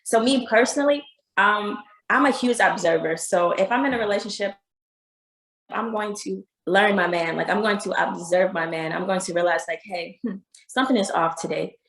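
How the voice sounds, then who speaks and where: A woman's voice: medium pitch, normal speed, creaky, a bit bright. A woman with a mid-range voice speaks earnestly and encouragingly as a podcast guest, often adding "you know." Her voice carries a noticeable room echo. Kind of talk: casual podcast chat. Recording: roomy echo.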